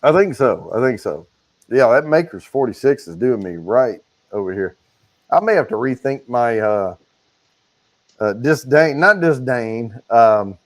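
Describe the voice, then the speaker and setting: A man chatting on a casual livestream, walking through the giveaway details at an easy clip. His voice sits in a middle pitch, relaxed and talkative. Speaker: livestream co-host.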